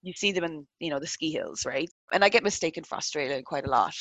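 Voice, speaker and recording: An Irish woman in her thirties chatting casually on a video call, animated and full of "like" fillers. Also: sits low, fast talker, dry recording. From Ireland. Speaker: interview guest.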